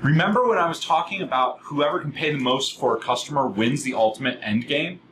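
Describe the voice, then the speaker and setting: A middle-aged man giving a passionate, fast-talking sales workshop, firing questions at a live audience in a room. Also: mid-range voice, noisy background.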